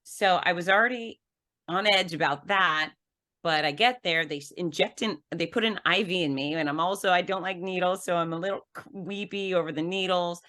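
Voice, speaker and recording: A woman guest on a podcast telling a personal story with animated, laughing delivery that acts out the scenes. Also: fairly low pitch, normal speed. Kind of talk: conversational storytelling.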